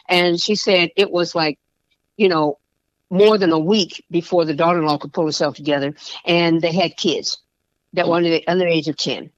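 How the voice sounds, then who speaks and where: A woman's voice: sits low, fairly even intonation, a little fast, no room sound. Passionate woman senator on a podcast. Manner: passionate, emphatic storytelling with repeated phrases and acted-out quotes. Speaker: state senator and military veteran, podcast guest. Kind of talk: podcast interview. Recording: dull dry lo-fi recording.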